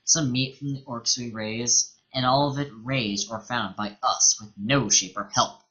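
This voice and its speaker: A man's voice: mid-range voice, fairly even intonation, measured pace, bright, forceful tone, muffled recording. A man reading the game lines of a busy, chatty female cook in his own plain voice.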